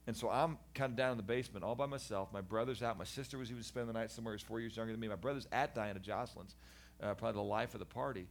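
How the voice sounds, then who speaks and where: A middle-aged man, a guest in a conversation, giving a candid personal testimony about his past in an animated, earnest way with frequent restarts. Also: on the low side, very fast, creaky, a little hiss or hum. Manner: animated storyteller, acts out voices of people in his story. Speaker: guest sharing his life story.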